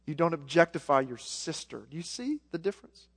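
A Southern American man preaches a sermon with earnest conviction, often repeating words as he builds toward a point. His voice sits high for a man. It rings out with the long reverb of a large church hall. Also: sing-song, fairly quick, a bit bright, breathy edge. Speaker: pastor.

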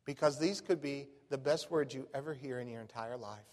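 A man, a pastor preaching a sermon in a folksy, animated storytelling way. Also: medium pitch, a little fast. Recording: long reverb of a large hall.

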